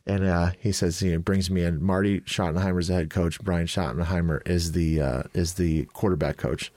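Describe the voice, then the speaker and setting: A man's voice: low-pitched, normal speed, dry recording. A man from Chicago hosting a podcast, telling a story in casual chat, acting out quotes with laughs. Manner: animated, laughing storyteller who acts out quotes. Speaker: podcast host.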